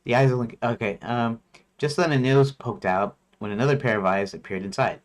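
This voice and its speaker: With a brisk pace and medium-pitched voice, a man who develops games works through his story notes on a livestream. He thinks aloud hesitantly, doubting himself and filling the gaps with fillers and restarts.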